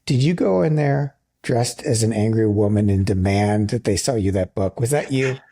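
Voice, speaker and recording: A man's voice: on the low side, moderate pace, dark tone. A man hosting a podcast, teasing his guest in casual chat and laughing easily. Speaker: podcast host. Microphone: podcast microphone.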